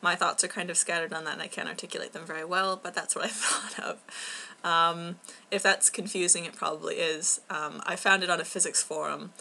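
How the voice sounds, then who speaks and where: A young woman talks casually into her camera at home for a video blog. Her voice is bright and forward, and her thoughts wander as she fills pauses with plenty of ums. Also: fairly low pitch, little pitch movement, vocal fry. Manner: rambling, scattered, many ums. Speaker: book club vlogger.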